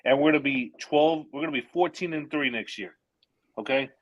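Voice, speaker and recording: A man's voice: a little high, brisk, no room sound, lo-fi sound. A man of Colombian Dominican background, an upbeat guest talking sports on a podcast. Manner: upbeat, optimistic. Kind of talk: casual sports talk.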